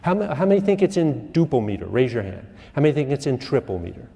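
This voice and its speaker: Male music lecturer, mellow voice, classroom lecture, reverberant hall. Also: mid-range voice, fast, creaky, breathy edge. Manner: lively, asks questions, hums rhythms.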